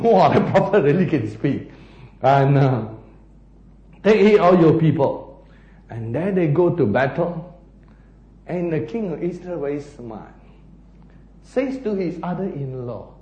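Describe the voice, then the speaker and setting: A man preaching a sermon, animated and often laughing as he acts out the story. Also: medium pitch, slow, long pauses, roomy sound, rough recording. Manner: animated, laughing, acting out scenes.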